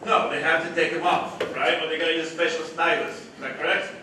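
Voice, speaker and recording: A man's voice: on the high side, flat delivery, fast talker, background noise. A man giving a live product demonstration to a committee in a large meeting room, projecting his voice without a microphone and often checking that the audience is following. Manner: projecting loudly without a mic, quizzing the audience. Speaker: education technology presenter. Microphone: no mic, room recording from afar. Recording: very echoey room audio from far off.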